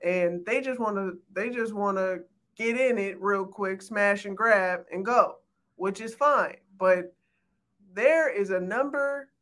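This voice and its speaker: A woman's voice: mid-range voice, a bit bright. A woman co-hosting a podcast, speaking bluntly and frankly in casual banter. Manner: blunt, frank, quick comebacks. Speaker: podcast co-host.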